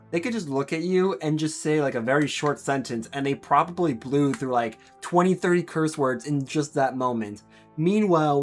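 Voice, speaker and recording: A speaker from the United States, rambling in casual chat while streaming a game and laughing often. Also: mid-range voice.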